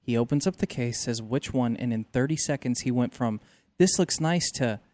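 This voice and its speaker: A man's voice: mid-range voice, normal speed, darkish tone, no room sound. Inquisitive man, dry close sound. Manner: storytelling, inquisitive. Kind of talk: casual radio banter.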